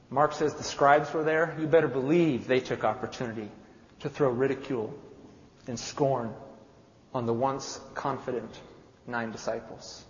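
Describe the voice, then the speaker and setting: A man's voice: medium pitch, steady tone, moderate pace. A man preaching a sermon, retelling a scene with dramatic storytelling. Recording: echoey hall, dull sound.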